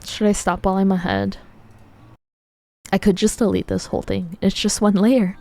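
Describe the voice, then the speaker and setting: A young woman chatting casually on a drawing livestream, excitable, repeating herself and laughing often. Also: mid-range voice, normal speed. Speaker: art streamer.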